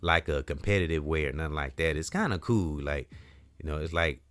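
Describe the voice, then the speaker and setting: A middle-aged man speaks in a low, deep register, talking casually to camera in a vlog monologue. He rambles earnestly and keeps circling back with "you know." Now and then he lets a curse word slip. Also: brisk, a bit bright. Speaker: community vlogger.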